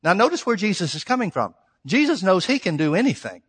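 A man's voice: sits high, very animated, quick pace, fairly bright tone, husky. A male pastor preaching a sermon, emphatic and storytelling, acting out quoted exchanges. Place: church sanctuary. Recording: long hall reverb.

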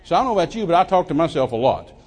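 An older man, preaching a sermon as a lively story, often repeating words, on a handheld mic in a church. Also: a little high, very fast, slightly rough. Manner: animated, repeats words, acts out quoted voices. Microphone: handheld microphone.

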